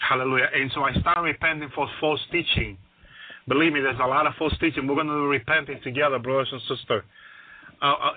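A man's voice: medium pitch, no room sound. A man preaching a testimony on a radio ministry program. He restarts his sentences often and says "hallelujah" after almost every phrase. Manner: repeats "hallelujah" constantly, stammering restarts; grows louder and more excited. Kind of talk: testimony sermon. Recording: dry, phone-like radio broadcast line.

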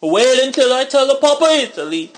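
A man's voice: extremely high pitch, very animated, fairly quick. A man putting on a brash comic Italian character who taunts in an exaggerated mock accent. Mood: taunting.

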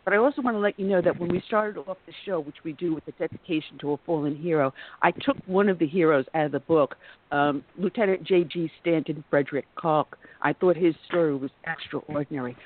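A woman hosting a talk radio show, chatty and quick to laugh, now and then stumbling over her words while she introduces her guest. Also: low-pitched. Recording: tinny phone-like line.

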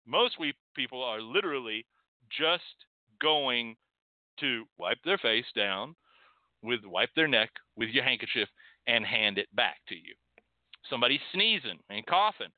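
A man hosting a casual livestream talk, emphatic and animated, with frequent "okay?" asides. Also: mid-range voice, no room sound. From Texas. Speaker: host. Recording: tinny phone-like line.

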